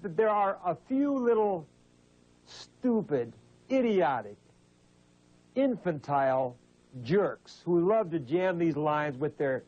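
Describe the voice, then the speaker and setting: A man's voice: a little high, a little mellow. A man hosting a call-in radio show, scolding and exasperated with prank callers. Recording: dull lo-fi broadcast audio.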